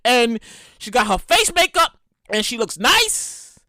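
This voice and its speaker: A woman's voice: a little high, slow pace, no room sound, clean studio sound. A woman hosting her own podcast in a casual, profane, ranting monologue. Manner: animated, profane, ranting storyteller. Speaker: podcast host.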